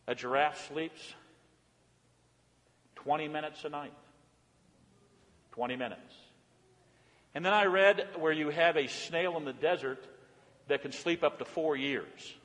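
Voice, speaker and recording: High-voiced preacher in a reverberant church. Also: male voice. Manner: dynamic preacher, swings between loud emphatic calls and soft hushed tones. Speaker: pastor. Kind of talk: sermon.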